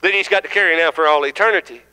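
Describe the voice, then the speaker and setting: A man's voice: on the high side, racing, pushed and bright, clean tone, poor audio. A man preaching a sermon in a church, teaching conversationally and asking the congregation questions. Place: church sanctuary.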